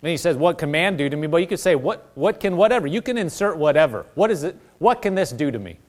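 Calling on his congregation to repeat his words, a pastor delivers a lively sermon in a chatty style packed with asides. His voice is a little high and he speaks quickly.

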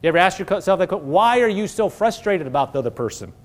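A man's voice: high-pitched, big pitch swings, fast. A man teaching from the Bible in a conversational preaching style, earnest and full of rhetorical questions.

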